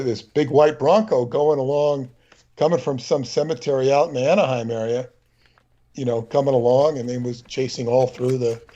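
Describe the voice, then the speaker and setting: A man with a husky voice at a mid pitch wanders through an opinionated story as a livestream co-host. His talk is loose and digressive. The audio is muffled and lo-fi. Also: dark tone. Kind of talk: rambling anecdotal chat.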